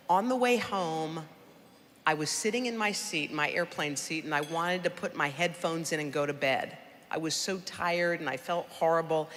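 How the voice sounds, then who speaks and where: A middle-aged woman giving a personal storytelling speech at a charity gala, lively and conversational, talking straight to the audience. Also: deep voice. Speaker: guest speaker at a charity gala. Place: large event hall. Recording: echoey large hall, faint noise.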